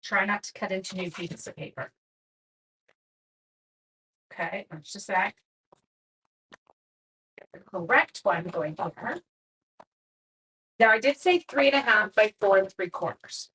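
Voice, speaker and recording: A woman's voice: mid-range voice, animated, a little slow, pauses often, sharp tone, breathy edge, rough recording. Middle-aged woman hosting a live card-making demo; chatty and self-mocking. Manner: chatty, self-deprecating, talks while working. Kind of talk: live-streamed crafting demo.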